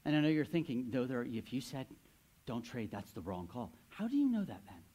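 A man's voice: medium pitch, sing-song, a little fast, warm tone, breathy edge. A man in his thirties, a pastor giving a sermon, telling a story with playful asides to the congregation.

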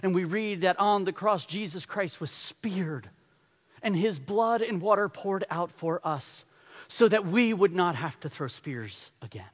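A male pastor delivering a sermon, telling a Bible story with lively storytelling and acted-out voices. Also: high voice, a little slow, big-room sound. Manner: animated storytelling, acts out voices.

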